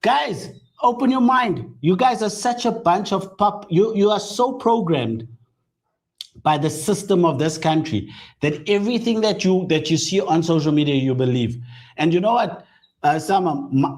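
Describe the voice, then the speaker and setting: A man's voice: high voice, a little mellow. A South African man giving heated political commentary, indignant and emphatic, often repeating himself for effect. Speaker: panel commentator.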